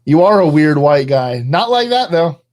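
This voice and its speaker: A man's voice: on the high side, sing-song, moderate pace, darkish tone. A man co-hosting a casual live stream, joking and teasing his partner in loose banter. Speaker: co-host.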